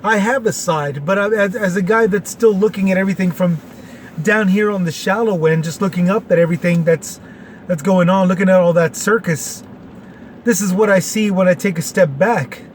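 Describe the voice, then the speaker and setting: Rambling folksy man in his forties, high voice. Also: moderate pace, a little hiss or hum. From Texas. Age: 40s. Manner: rambling, folksy, with many fillers. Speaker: podcast host. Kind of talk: casual opinion monologue.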